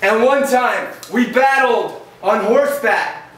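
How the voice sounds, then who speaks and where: A man's voice: very high voice, slow, fairly bright tone. A man dressed as a knight, telling a hammy, jokey adventure story to children at a party. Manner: hammy, jokey, plays up the drama. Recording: very echoey room, far from camera, faint noise.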